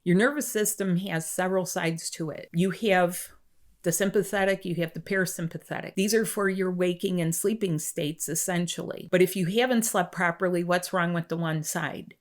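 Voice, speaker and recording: A woman energy healer speaking straight to the listener, asking a string of questions in a calm, measured way. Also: lowish voice. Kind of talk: direct-to-camera wellness talk.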